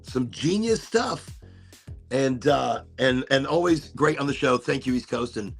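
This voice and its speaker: A man's voice: mid-range voice, fairly even intonation, moderate pace, creaky, breathy edge, faint music behind. A male host running a casual livestream chat show, rambling playfully and swearing freely.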